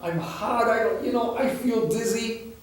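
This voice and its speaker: A man's voice: high voice, unhurried. A man doing a whiny, evasive prince. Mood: complaining. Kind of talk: dharma talk storytelling. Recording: echoey room, far from the mic.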